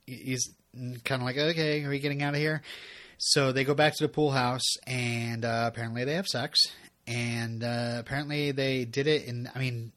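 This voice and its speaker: A man in his thirties talks through TV episodes on a podcast, rambling and restarting his sentences, chuckling as he goes. His voice sits at an ordinary middle pitch. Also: fairly bright tone. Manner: rambling, self-interrupting, chuckling. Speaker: podcast co-host. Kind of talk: casual recap chat.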